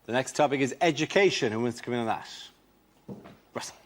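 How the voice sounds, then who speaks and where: A man hosting a panel show, briskly thanking comics and announcing topics. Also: medium pitch, expressive. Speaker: host. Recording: studio with loud audience noise.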